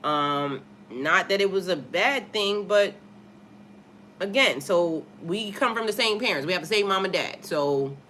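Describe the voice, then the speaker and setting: A woman's voice: on the low side, expressive, unhurried, a bit bright, a little hiss or hum. A woman, a spiritual life coach, telling a personal story on a casual livestream in a candid, profane way and greeting viewers in the chat.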